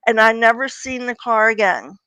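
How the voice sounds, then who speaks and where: A woman's voice: fairly high pitch, moderate pace, sharp tone, clear, resonant tone, dry recording, low-quality recording. An older woman from Pennsylvania, a guest author telling personal stories in a casual interview and acting out the voices of people she quotes. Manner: chatty, acts out quoted voices.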